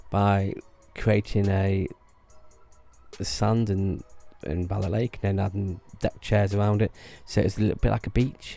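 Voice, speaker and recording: A man's voice: on the low side, vocal fry, dark tone. A man telling rambling casual stories about his old theme park job, restarting phrases and laughing at himself. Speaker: vlogger recalling theme park work.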